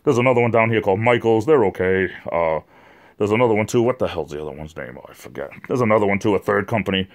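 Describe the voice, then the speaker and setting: A man from New England hosts a casual livestream in a lowish, animated voice, talking fast. He rambles chattily, full of fillers and repeated words, and addresses viewers in the chat by name.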